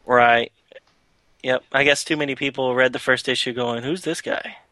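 Dry-humored guy with a sharp bright voice, keeps things moving, no room echo. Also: mid-range voice, flat delivery, moderate pace. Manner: dry, wry remarks, keeps the talk moving. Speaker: podcast co-host. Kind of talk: casual chat.

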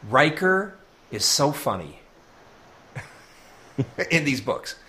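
A man's voice: a little high, big pitch swings, extremely slow, bright, forceful tone, slight background noise. A man co-hosting a podcast, chatting casually and laughing often. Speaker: podcast co-host. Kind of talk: casual chat about comics.

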